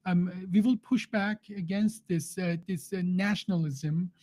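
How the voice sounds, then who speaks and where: A man hosting a relaxed live talk. He speaks haltingly, full of fillers, restarts and slightly non-native grammar. He jokes and laughs easily with his guest. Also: sits high. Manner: jokey, laughs often. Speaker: host. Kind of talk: casual live-stream conversation.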